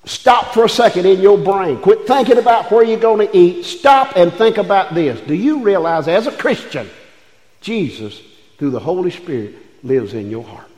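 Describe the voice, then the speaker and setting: A male pastor delivers a sermon that starts folksy and rises to fervent preaching with drawn-out phrases. His high-pitched voice is expressive with a darkish tone. The echoey church sanctuary gives it a roomy sound.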